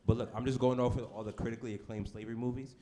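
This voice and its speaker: A man performing a brash stand-up comedy set on a club stage, with deadpan shock delivery and asides to the crowd. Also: medium pitch, rapid-fire. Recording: noisy live club recording. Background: audience laughter.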